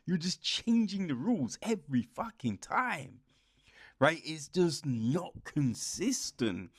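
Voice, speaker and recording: Sweary man ranting, animated and slow. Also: fairly high pitch, breathy edge. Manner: exasperated, sweary, heavy fillers. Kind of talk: casual rant review.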